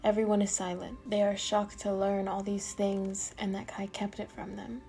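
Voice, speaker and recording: A woman reading a story aloud in a plain, steady manner. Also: mid-range voice, moderate pace, vocal fry. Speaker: audiobook reader. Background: faint music.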